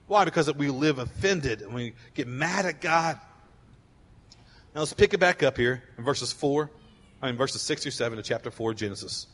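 A man preaching a sermon to a room of people, fervent, repeating his points and rising to shouts. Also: medium pitch, lively intonation, normal speed, big-room sound. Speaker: pastor. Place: large hall with an audience.

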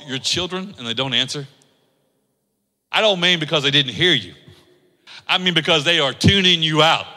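A male pastor preaches a sermon in a bright, high-pitched voice with lively intonation at normal speed, leaving long pauses. He fires off repeated rhetorical questions and rises into a sing-song cadence. A long church-hall reverb makes the sound ring out.

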